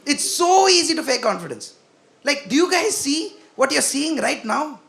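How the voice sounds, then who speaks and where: A young man performing a stand-up comedy set, animated and self-mocking as he talks to the crowd. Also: very high-pitched, moderate pace, gravelly. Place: comedy venue with live audience.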